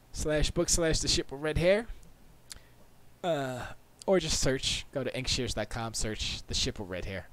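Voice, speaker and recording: A man's voice: mid-range voice, fairly bright tone. A tired man hosting a livestream, chatting casually in a rambling way and laughing often. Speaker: livestream host.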